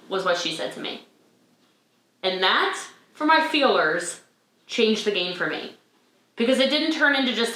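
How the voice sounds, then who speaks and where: Bright-voiced emphatic woman coach, roomy sound. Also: fairly high pitch, animated, unhurried. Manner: emphatic, emotional, rhetorical questions. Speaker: network marketing coach. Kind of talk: motivational talk on a video call.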